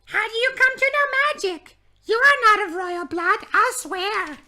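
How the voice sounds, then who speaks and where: Man putting on a shrill imperious witch queen. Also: unhurried, bright, forceful tone, heavily acted. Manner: scornful, haughty, commanding. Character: imperious cruel witch queen, woman, commanding. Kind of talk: storybook read-aloud.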